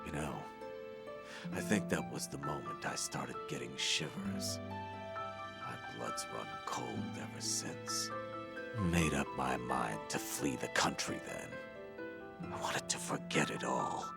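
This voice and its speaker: An actor voicing a weary older ex-yakuza in a video game, speaking in a slow, terse, deadpan way with a gravelly, very deep voice. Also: male voice, loud music behind the voice, heavily acted. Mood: brooding.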